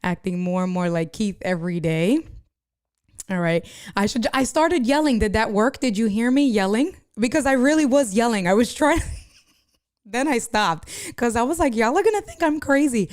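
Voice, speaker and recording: A woman's voice: a little high, moderate pace, darkish tone. A woman live streamer chatting casually from her home setup, reacting to viewer comments and laughing often. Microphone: desk streaming mic through a mixer.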